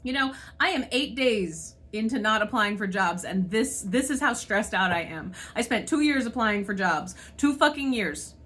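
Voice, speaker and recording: The host of a spiritual channel vents her frustration in an emotional monologue, swearing often and sighing between thoughts. Her mid-range, fairly bright voice is animated and moves at a normal speed with hardly any pauses.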